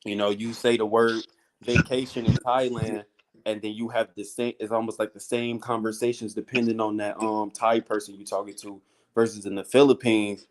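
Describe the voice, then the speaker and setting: Male guest, casual storyteller, slangy, animated, mid-pitched. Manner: animated storytelling with slang, often acting out high-pitched voices. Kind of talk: casual chat.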